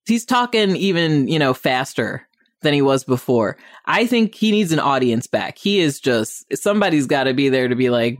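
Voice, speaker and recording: A woman hosting a casual TV review podcast, talking in an opinionated, animated way with lots of rambling asides. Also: extremely low pitch, normal speed, no room sound, clean studio sound.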